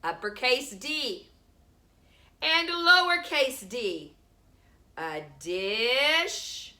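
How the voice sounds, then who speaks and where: A woman teaching preschoolers a phonics lesson from home, talking to the camera, sounding out letters slowly and with emphasis. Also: sits high, very animated, pushed and bright. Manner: slow, sing-song, sounds out letters with emphasis. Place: home room.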